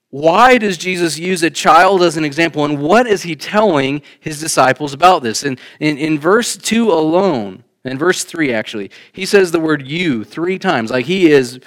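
A man preaching a sermon in a church, shifting between emphatic raised lines and quiet, conversational asides. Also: a little high. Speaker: pastor. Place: church sanctuary.

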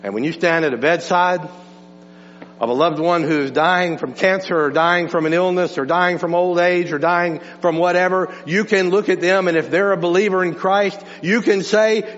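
A man preaching a sermon as pastor, emphatic and repetitive, dropping to a hush and then rising again. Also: high voice, moderate pace. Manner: emphatic, repeats words, swings from hushed to raised. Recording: dull lo-fi sound with long reverb and hum.

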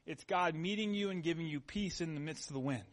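Speaking fairly quickly, a pastor with a high, light male voice preaches to his congregation. His delivery is conversational, sprinkled with personal stories, and he repeats key points earnestly to drive them home.

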